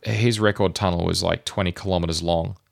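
A man with a deep voice and a gravelly edge talks through his thoughts on a podcast. He rambles casually and loads his sentences with fillers. The recording is close and dry. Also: fairly even intonation, a little fast, dry recording. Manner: rambling, thinking aloud with many fillers. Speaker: podcast host. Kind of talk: casual chat.

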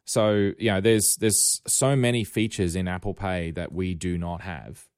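Deep-voiced Australian man, wry and rambling. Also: fairly even intonation, a little slow, darkish tone, smooth, dry recording, studio quality. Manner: rambling, wry, self-correcting. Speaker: podcast host. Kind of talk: casual tech podcast chat.

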